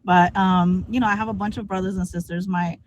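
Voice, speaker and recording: A woman in her late thirties chats candidly as a stream guest, relaxed and a bit self-conscious. Her voice sits at an ordinary middle pitch. A faint hiss of noise runs under her call. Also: a little fast. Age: 30s. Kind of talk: casual interview chat.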